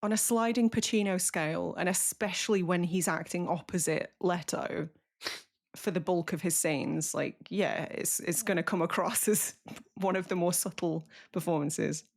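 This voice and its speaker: A woman's voice: fairly low pitch, fairly even intonation, moderate pace, vocal fry. A woman co-hosting a film podcast, talking casually in a wry, blunt way and laughing often. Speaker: podcast co-host. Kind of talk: casual film review chat.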